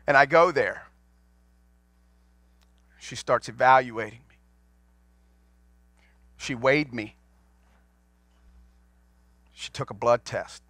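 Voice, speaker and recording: A man's voice: mid-range voice, takes it slowly, long pauses, fairly bright tone, no echo. A man in his forties, a pastor, preaching a sermon to his congregation in a folksy storytelling way, asking them questions as he goes. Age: 40s. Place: church sanctuary.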